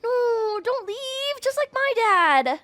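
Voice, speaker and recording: A young woman streaming a game, excitable, squealing and shouting as she reacts. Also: very high-pitched, slow pace.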